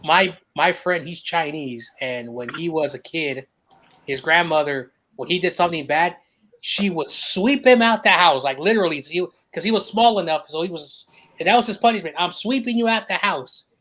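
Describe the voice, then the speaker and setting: A man hosting a casual chat, telling stories in an animated, profane way and laughing often. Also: on the high side, moderate pace, low-quality recording. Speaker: podcast host.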